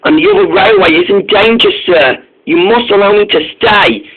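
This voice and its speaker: Helpful male diesel engine, earnest and pleading, husky voice, by a man. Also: sits high, very animated, moderate pace, pitched above the performer's own voice, exaggerated voice. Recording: tinny phone-like sound.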